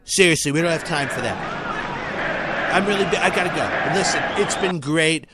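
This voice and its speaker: A man's voice: on the high side, brisk, a loud crowd, heavy background noise, close to an everyday voice. A man performing a satirical impression of a brash, rambling male politician at a rally. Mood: boastful. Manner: boastful, rambling, repetitive phrasing.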